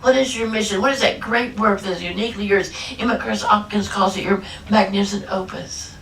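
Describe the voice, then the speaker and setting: Woman minister, humorous emphatic sermon, drawn-out phrases, roomy hall, mic far off. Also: medium pitch, steady tone, a bit bright, a little hiss or hum. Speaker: guest minister. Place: church hall. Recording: echoey hall from a distance, faint ambience.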